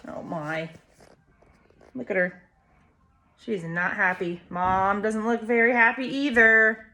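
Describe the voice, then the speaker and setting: A woman, a preschool teacher, reading a picture book aloud to young children and pointing out the pictures. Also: medium pitch. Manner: slow, expressive, pointing out pictures to kids.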